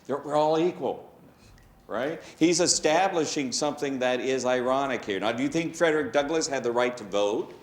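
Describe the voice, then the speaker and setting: A man's voice: mid-range voice, moderate pace. Male teacher leading a class discussion. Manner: questioning, calls on students and restates answers. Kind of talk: classroom lesson.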